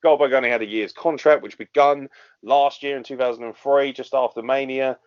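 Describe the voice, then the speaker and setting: A man's voice: medium pitch, fairly even intonation, fairly quick. A man co-hosting a wrestling review podcast, ranting in an exasperated, sweary way with frequent laughs. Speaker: podcast co-host. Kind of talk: casual wrestling review chat. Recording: dull lo-fi podcast audio.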